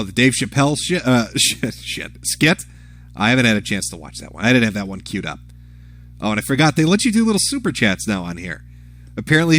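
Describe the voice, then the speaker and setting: A man's voice: mid-range voice, a bit bright. A man hosting a live stream, commenting on clips in a profane, laughing, rambling way. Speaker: livestream host.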